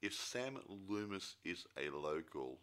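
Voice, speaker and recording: A man co-hosts a loose chat about a film, joking and jumping in to finish his partner's sentences. His voice sits fairly low but sounds bright. His pitch swings about in a lively way. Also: a little slow, clean tone. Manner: playful, jokes and finishes the other host's sentences. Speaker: podcast co-host.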